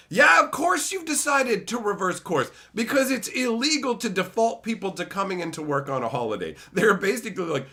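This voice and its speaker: A man's voice: high-pitched, fairly quick, few pauses. A man in his thirties chatting casually on a stream, sarcastic and jokey. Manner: animated, jokey, sarcastic, swings into funny voices. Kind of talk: casual chat.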